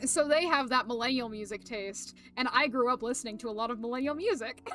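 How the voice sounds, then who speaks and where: A woman's voice: fairly high pitch, lively intonation, fairly quick, fairly bright tone, faint music behind. A young woman streaming, chatting casually to viewers, rambling with lots of fillers, laughter and swearing.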